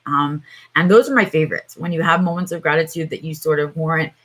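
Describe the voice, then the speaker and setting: A woman's voice: low-pitched, quick pace, fairly bright tone. Tired, chatty woman livestreaming. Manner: chatty, greets viewers by name, many fillers. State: tired, low-energy voice. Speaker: livestream host. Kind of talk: casual livestream talk.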